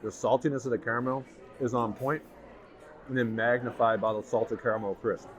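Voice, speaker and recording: A man's medium-pitched voice stays steady and fairly quick as he vlogs a restaurant food review to camera. He gushes enthusiastically over each bite, with a busy crowd chattering behind.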